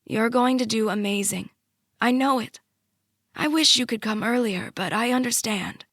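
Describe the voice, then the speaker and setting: A woman narrating an audiobook voices a frail, slightly breathless older grandmother who talks tenderly and teases gently. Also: on the high side, normal speed, no echo, studio quality. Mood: affectionate. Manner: tender, doting, gently teasing. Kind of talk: audiobook character voice.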